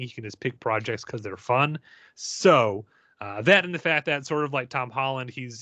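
A man's voice: mid-range voice, sharp tone, no room sound. A man co-hosting a casual podcast discussion, opinionated and given to mock rants. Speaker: podcast co-host.

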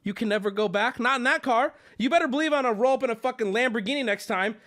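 A male streamer telling an animated story as a swearing, exasperated rant, acting out both sides. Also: very high-pitched, quick pace.

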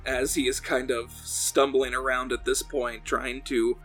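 Male tabletop player, bright and enthusiastic, faint music behind. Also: medium pitch, level tone, measured pace. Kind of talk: narrating his character's actions.

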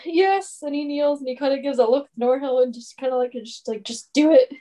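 A woman's voice: high-pitched, steady tone, fast, warm tone. A woman chatting casually as a player in a tabletop game.

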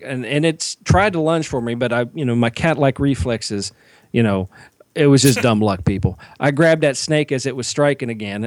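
A man, co-hosting a podcast and telling a profane, animated comic story that he acts out. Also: mid-range voice, dry recording. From Georgia, US. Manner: animated, swears constantly, acts out his own shouts. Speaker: podcast co-host.

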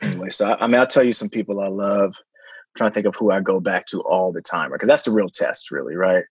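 A middle-aged-sounding man speaks with a husky, slightly breathy voice and an emphatic, animated rhythm, leaning on "man" and "right?" as he builds his points. He sounds close and dry, as if on a remote call with a dull, lo-fi sound. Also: low-pitched, fast, no room sound. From San Francisco. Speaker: guest, middle school principal. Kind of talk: casual conversational interview.

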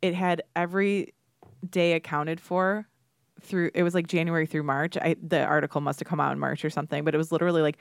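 A woman's voice: low voice, flat delivery, fast talker, gravelly, clear, resonant tone, no echo, clean studio sound. A woman co-hosting a podcast in casual, rambling chat full of fillers. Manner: chatty, rambling with many fillers. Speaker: podcast co-host.

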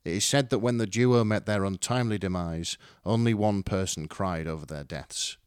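A man's voice: low voice, moderate pace, smooth, no echo, clean studio sound. A man reading a fan story aloud with dramatic, wry narration. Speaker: story reader. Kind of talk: expressive fan fiction reading.

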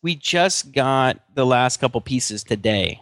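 Man, middle-aged, podcast co-host, casual rambling chat, average pitch, dry close sound. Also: expressive, slow pace, a bit bright, no echo. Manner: rambling, many restarts and fillers, chuckling.

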